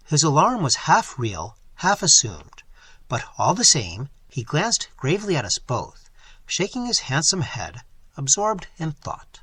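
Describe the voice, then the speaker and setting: A man reading a first-person story aloud in an expressive, animated way. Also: on the high side, measured pace, slightly rough, dry recording. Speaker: audiobook reader.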